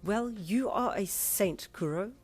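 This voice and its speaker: A woman's voice: mid-range voice, expressive, moderate pace, faint music behind, pitched above the performer's own voice, close to an everyday voice. A woman voicing a cheerful young female friend who speaks gratefully in a storybook reading. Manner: warm and grateful.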